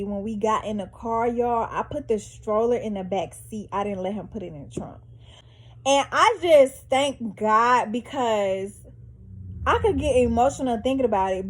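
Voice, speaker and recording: A young woman vlogger telling a dramatic story to her viewers in a lively, animated way. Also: a little high. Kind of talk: storytime vlog.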